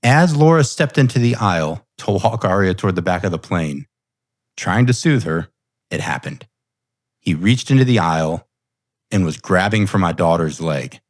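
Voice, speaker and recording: A middle-aged man with a very low voice hosts a coaching podcast and tells a personal story. He speaks intensely and emphatically, leaning hard on key words. The sound is close and dry, with no room around it. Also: lively intonation, moderate pace, no room sound. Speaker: leadership coach.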